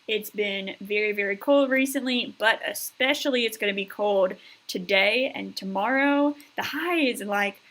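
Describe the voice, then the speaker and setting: A woman's voice: fairly high pitch, fairly bright tone, poor audio. An American woman hosting a live stream, chatting in a heartfelt way with lots of fillers, thanking viewers and reading the chat aloud. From United States.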